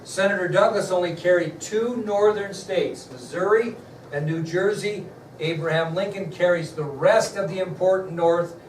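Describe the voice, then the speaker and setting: A middle-aged man teaching a class, chatting directly with his students as he recounts a story. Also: high-pitched. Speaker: history teacher. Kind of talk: classroom lecture with a personal story. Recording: echoey classroom from far off, noisy.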